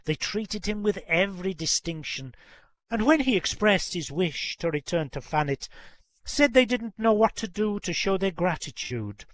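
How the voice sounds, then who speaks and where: A man reading a folk tale aloud in a measured, expressive way. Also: high voice, no echo. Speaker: storyteller.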